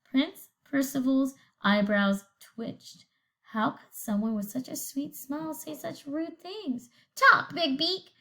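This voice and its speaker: High-voiced woman teacher reading aloud. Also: slow, vocal fry. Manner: animated, expressive storytelling with questions to the class. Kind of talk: reading a picture book aloud to students.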